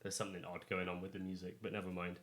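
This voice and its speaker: A man's voice: low-pitched, monotone, very fast, a bit bright. A man acting as dungeon master in a casual, rambling chat while preparing a tabletop game. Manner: rambling, self-correcting, chatty. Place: home. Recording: echoey room.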